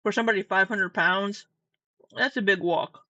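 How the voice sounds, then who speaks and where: A woman's voice: mid-range voice, normal speed, bright, forceful tone, dry recording. A woman speaks in a mid-range voice with dry, sarcastic commentary, blunt and sometimes cursing. The recording is close and dead, with a slightly dull tone. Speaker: commentator reacting to a video. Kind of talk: reaction commentary.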